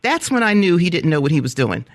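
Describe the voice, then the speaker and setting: A woman's voice: fairly low pitch, fast. A woman hosting a radio talk show, interviewing a guest with lots of laughter. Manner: giggly, animated storyteller.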